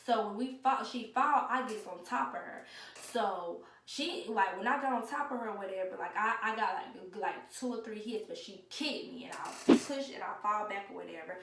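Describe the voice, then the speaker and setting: Young woman, lively storyteller who acts out quoted voices, recorded a little off-mic with faint noise. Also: mid-range voice, moderate pace, recorded from a distance. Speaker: vlogger. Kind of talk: casual storytime. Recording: echoey room, away from the mic, faint noise.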